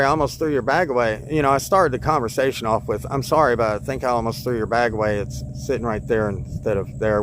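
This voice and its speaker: Man, casual vlog storytelling, outdoors in a park, acts out his own retorts, faint road noise. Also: mid-range voice. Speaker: vlogger.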